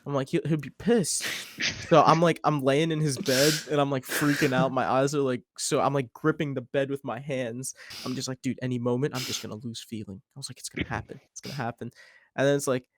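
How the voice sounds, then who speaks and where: A man's voice: mid-range voice, steady tone, fast talker, noisy background. A young man hosting a podcast, telling a long story in a rambling, laid-back way with plenty of "like" and swearing. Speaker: podcast host. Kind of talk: casual storytelling chat.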